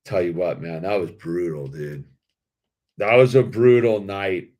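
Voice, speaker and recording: A man's voice: low-pitched, lively intonation, unhurried, a little mellow, muffled recording. A man hosting a toy-building video in a laid-back, slangy way, saying dude a lot. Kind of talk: casual commentary while building.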